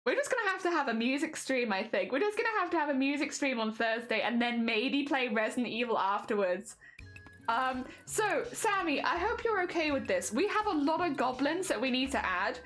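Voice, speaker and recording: A woman streamer in casual live-stream chat with a high-pitched voice, chatty and self-deprecating, often giggling. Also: sing-song, fairly quick, fairly bright tone, soft background music.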